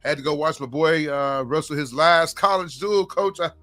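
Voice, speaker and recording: Animated high-voiced man talking hoops. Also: normal speed, faint music behind. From Oklahoma, US. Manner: animated, rambling, calls co-host Coach. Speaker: podcast host. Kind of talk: casual sports talk.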